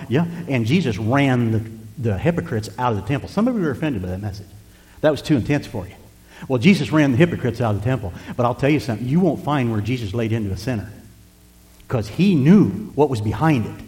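Impassioned pastor preaching in a reverberant hall. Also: male voice, mid-range voice, lively intonation, fairly quick, long pauses. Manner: impassioned, swinging between hushed pleading and loud preaching. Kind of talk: sermon. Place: church sanctuary.

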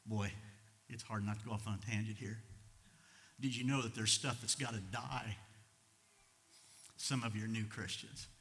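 A middle-aged American man preaching a sermon as pastor, swinging between loud fervent passages and quiet low asides. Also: fairly even intonation, moderate pace, long pauses, a little hiss or hum. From United States. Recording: long reverb of a large hall.

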